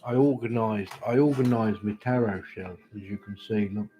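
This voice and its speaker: A man's voice: on the low side, moderate pace, mellow, lo-fi sound, soft background music. A British man hosting a live tarot-reading stream, chatting casually with dry, self-mocking humour. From Britain. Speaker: tarot reader host.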